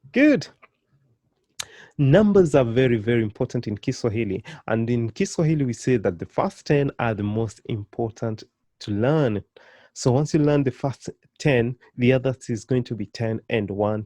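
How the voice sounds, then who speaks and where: A man teaching a beginner language lesson, praising learners often and repeating words slowly for them to copy, with sudden lively jumps in pitch and loudness. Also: slightly rough, no room sound.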